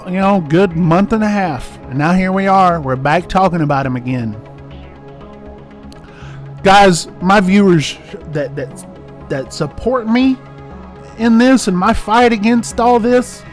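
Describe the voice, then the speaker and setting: An American man hosting his trucking channel, ranting with passion and hammering his points home by repeating them. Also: high-pitched. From United States. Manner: passionate, emphatic, repeats himself for stress. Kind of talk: ranting vlog monologue.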